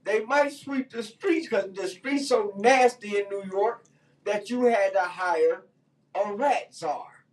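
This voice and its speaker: A man's voice: high voice, takes it slowly, recorded from a distance, poor audio. A man hosting a radio talk show, ranting in loose, heated slang with lots of fillers. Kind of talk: casual opinion talk.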